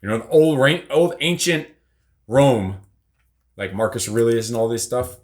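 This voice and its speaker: A man's voice: medium pitch, lively intonation, moderate pace. A middle-aged man hosting a casual live show, rambling and teasing, with casual swearing. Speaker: podcast host. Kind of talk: casual live-stream chat.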